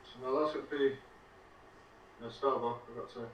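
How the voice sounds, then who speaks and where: A man's voice: mid-range voice, steady tone, moderate pace, lo-fi sound. A man playing a tabletop game, musing aloud as he picks his character's spells. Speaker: player. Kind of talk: casual tabletop game chat. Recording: echoey room, from a distance, faint noise.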